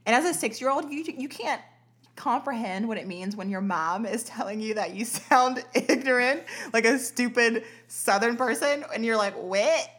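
A woman's voice: fairly high pitch, moderate pace, fairly bright tone, breathy edge. A woman from Arkansas, a podcast host, chatting casually in a plain accentless voice, swearing freely and laughing often. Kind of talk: casual chat.

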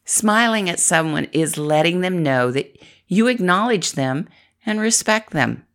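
Here a middle-aged Midwestern vlogger delivers upbeat inspiration straight to camera, chatty, encouraging and often laughing. Her voice is on the low side, animated, a little slow, with a fairly bright tone.

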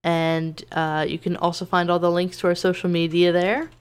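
A young woman co-hosting a podcast, talking in a relaxed, matter-of-fact way. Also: on the low side, normal speed, clear, resonant tone. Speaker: podcast co-host. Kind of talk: casual chat.

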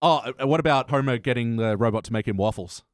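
Laughing podcast host, dry close sound. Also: male voice, mid-range voice, fast talker, no room sound. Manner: laughs often, swears casually. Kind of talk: casual chat.

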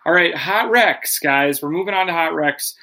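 Bright-voiced joking podcast host. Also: male voice, a little high, moderate pace, low-quality recording. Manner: joking, leads segments. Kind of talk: casual chat.

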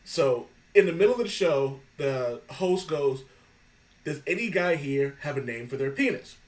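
A man's voice: on the high side, expressive, a little slow, far from the mic, low-quality recording. A man hosting a podcast, telling stories in casual chat, swearing freely and laughing often. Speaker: podcast host.

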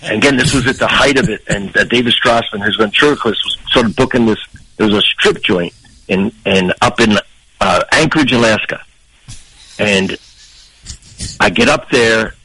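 A man's voice: on the low side, normal speed, husky, low-quality recording. An older man, a comedian guest on a podcast, telling a long anecdote and acting out the people in it. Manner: animated, acts out people in his anecdotes. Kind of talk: storytelling on a podcast.

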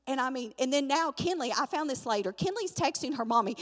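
An older woman, telling a chatty, animated story in a Bible study lesson, acting out the voices in her tale. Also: high voice, brisk, few pauses, long reverb tail.

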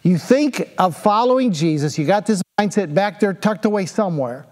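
A man's voice: high voice, expressive, normal speed, a little mellow. A man preaching a sermon, pressing the listeners with repeated rhetorical questions and emphatic, repetitive phrasing. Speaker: pastor. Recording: long hall reverb.

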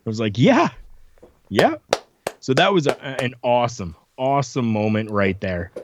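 A man's voice: fairly low pitch, fairly quick, a little hiss or hum. A man telling stories in a casual chat, acting out the lines of people he quotes. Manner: animated storyteller, acts out quotes. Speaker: podcast guest telling stories.

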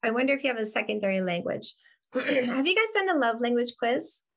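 A woman hosting an interview, speaking earnestly and warmly affirming her guest, often repeating phrases. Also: a little high, very animated, brisk, vocal fry. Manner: earnest, affirming, a bit repetitive. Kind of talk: interview conversation.

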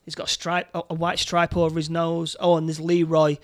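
A man co-hosting a casual film review chat, recounting scenes in a halting way with many repeated words and fillers. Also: a little high, monotone. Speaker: podcast co-host.

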